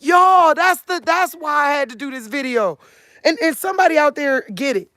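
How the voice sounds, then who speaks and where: A woman's voice: sits high, animated, brisk, a bit bright, no echo. A woman in her forties from Cleveland with a country Midwestern drawl, talking earnestly to her viewers in a casual monologue. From Cleveland, Ohio. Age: 40s. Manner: earnest, talks in a drawl, keeps asking "you get what I'm saying?". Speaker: vlogger.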